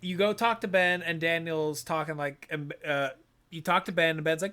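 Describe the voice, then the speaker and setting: A male podcast host who gives a rambling, animated retelling of a video game's story in a casual chat. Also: on the high side, normal speed. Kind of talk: casual game review chat.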